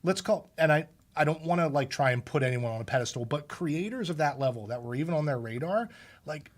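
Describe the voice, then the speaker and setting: A man who organizes a comic convention, talking in an excited, rambling, emphatic way. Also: a little high, a little fast. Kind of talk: casual chat.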